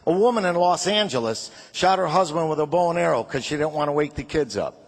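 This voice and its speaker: A man's voice: fairly high pitch, animated, fast, vocal fry. An older man doing a stand-up comedy routine, firing off punchy one-liners and chuckling at his own jokes. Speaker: comedian and show host.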